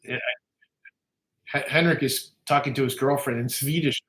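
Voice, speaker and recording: A man's voice: medium pitch, fairly even intonation, moderate pace, fairly bright tone. A man chatting casually on a livestream as a guest, profane, rambling and joking as he reads comments. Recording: echoey room.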